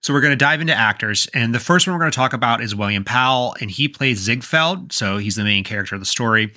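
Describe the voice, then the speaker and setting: A young man co-hosting a podcast, chatting about a film in an animated, joking way. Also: medium pitch. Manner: animated, joking, quick to laugh. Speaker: podcast co-host. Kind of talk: casual movie review chat.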